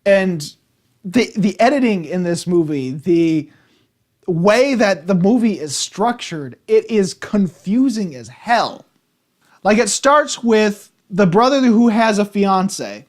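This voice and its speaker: A man with a high voice talks through a film review in a loose, rambling way. He keeps restarting sentences and sounds exasperated by what he saw. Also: animated, slow pace. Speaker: movie reviewer. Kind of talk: casual spoken film review.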